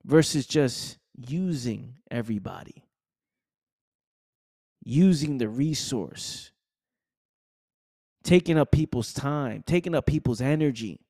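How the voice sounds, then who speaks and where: A man's voice: medium pitch, expressive, slow, long pauses, dark tone, dry recording, studio quality. A man hosting a podcast, giving a passionate motivational monologue full of slang and repetition. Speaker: podcast host.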